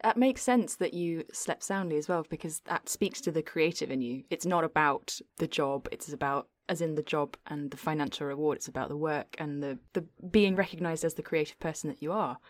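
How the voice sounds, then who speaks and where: Woman host with a deep voice, dry close sound, very encouraging. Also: brisk, few pauses, dry recording. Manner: supportive, affirming. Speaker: podcast host. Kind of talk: interviewing.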